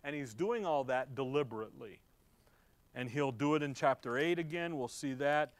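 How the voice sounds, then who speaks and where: A man preaching in a conversational Bible-teaching style. He asks his own questions and answers them, and swings between emphatic stresses and quiet asides. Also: mid-range voice, moderate pace. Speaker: pastor.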